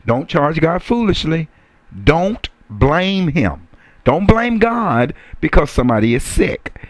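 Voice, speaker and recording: A man preaching a sermon, repeating key phrases and rising to emphatic high exclamations. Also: sing-song, slow pace, dry recording.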